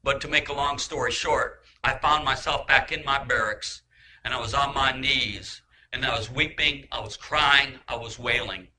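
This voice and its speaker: A man giving an emotional sermon testimony, impassioned and repetitive, rising to shouts. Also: medium pitch, normal speed, noisy background.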